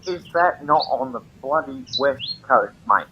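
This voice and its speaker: A man's voice: mid-range voice, lively intonation, normal speed. An Australian man from the country, calling people "mate" as he chats. His voice comes through slightly dull, with a faint hiss under it. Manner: matey, uses "mate" a lot. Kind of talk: casual chat on a live group stream.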